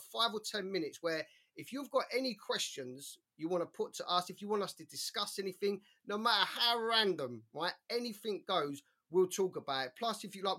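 A man co-hosting a boxing podcast, talking in an animated, slangy way with plenty of swearing. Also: sits high, husky. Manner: animated, swearing, slangy, quotes others in put-on voices. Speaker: podcast co-host. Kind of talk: casual podcast chat.

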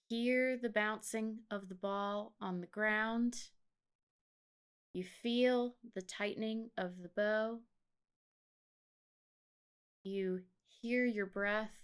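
A woman host leading a guided mindfulness meditation in a soft, slow voice. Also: mid-range voice, clean tone. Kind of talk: casual chat then guided meditation.

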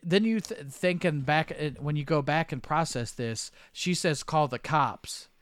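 A man's voice: on the high side, measured pace, smooth, no room sound. A man co-hosting a podcast, talking casually about a film, hesitant with many ums and restarts. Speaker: podcast co-host. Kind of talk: casual movie discussion.

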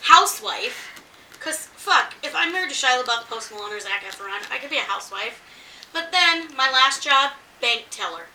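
Woman, tipsy, giggly, swearing, casual chat, very bright voice, slightly distant mic. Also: high voice, animated, normal speed, reverberant, slight background noise. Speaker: co-host.

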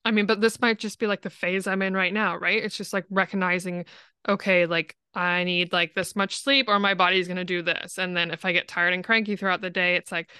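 A woman's voice: fairly low pitch, little pitch movement, brisk, bright, forceful tone, clear, resonant tone, no room sound, clean studio sound. A woman who is a podcast guest, talking in a rambling, reflective way and saying "like" a lot. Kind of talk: casual interview chat.

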